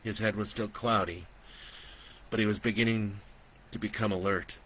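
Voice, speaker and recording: A man reading aloud from his own horror novel in a slow, deliberate storytelling manner. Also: lowish voice, steady tone, fairly bright tone, breathy edge, low-quality recording. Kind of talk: audiobook narration.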